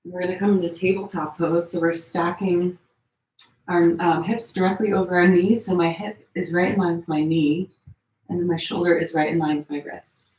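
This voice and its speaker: A woman teaching a gentle yoga class, giving relaxed, chatty cues with many fillers while she demonstrates the poses, a little strained as she holds them. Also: on the low side, normal speed, slight background noise. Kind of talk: live-streamed yoga class instruction. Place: room at home. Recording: echoey room.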